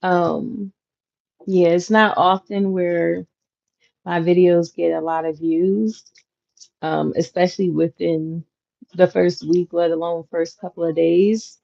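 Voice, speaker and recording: A woman in her thirties talks casually to her viewers, easygoing and full of slang and fillers. She speaks slowly in a slightly low voice. The recording is dull and lo-fi. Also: gravelly. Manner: chatty, relaxed slang, frequent fillers. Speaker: content creator, channel host. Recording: dull lo-fi audio. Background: clacking noise.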